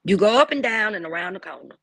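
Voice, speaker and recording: A woman's voice: medium pitch, animated, fast, a bit bright, dry recording. A woman hosting a livestream, ranting in a blunt, profane and preachy way. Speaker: livestream host. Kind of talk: heated livestream rant.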